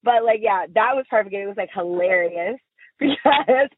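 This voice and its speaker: A woman chatting as an interview guest, an animated storyteller who laughs often, heard over remote call audio. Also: mid-range voice, moderate pace, phone-quality sound, noisy background. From Houston, Texas. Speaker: podcast guest. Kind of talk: casual interview chat.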